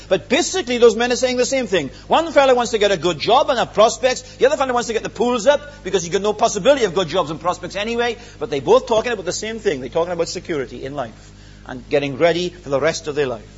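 Male preacher, high swooping voice, a little husky, earnest sermon delivery, dull lo-fi recording. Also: expressive, fast. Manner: earnest, emphatic, rhetorical questions.

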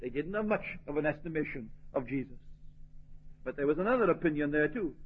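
A man's voice: a little high, expressive, fairly quick, breathy edge. A man preaching a sermon in an earnest, emphatic way, asking rhetorical questions. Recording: tinny phone-like lo-fi recording.

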